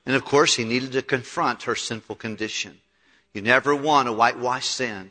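A man's voice: medium pitch, moderate pace, pushed and bright. A male pastor preaching a sermon, retelling scripture with conversational acted-out dialogue. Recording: long hall reverb.

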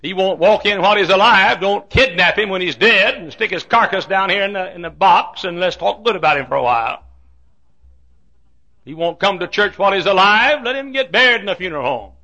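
A man preaching a fiery sermon, swinging from shouts to hushed asides. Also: high-pitched, lo-fi sound. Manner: fiery preaching with sudden shouts and drops to quiet. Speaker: pastor.

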